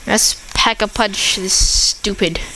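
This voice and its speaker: Woman, gameplay commentator. Unhurried delivery, chatters excitedly at the game, faint hiss behind. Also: medium pitch, poor audio. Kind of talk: casual commentary over a zombie shooter game.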